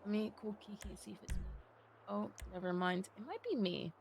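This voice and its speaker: A woman's voice: mid-range voice, fairly quick, a little hiss or hum. A woman talking casually in a roleplay game, blunt and teasing in short replies.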